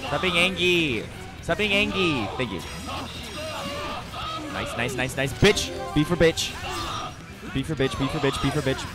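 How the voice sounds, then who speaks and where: A man streaming a video game live, chatting excitably with viewers and swearing freely. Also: mid-range voice. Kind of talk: live gaming commentary. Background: game music.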